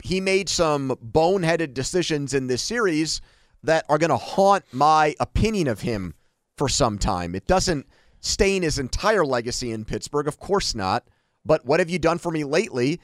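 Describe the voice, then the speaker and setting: A man's voice: fairly high pitch, fairly bright tone, no echo, clean studio sound. Opinionated man on a sports talk show. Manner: opinionated, with frequent restarts. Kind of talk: casual sports debate.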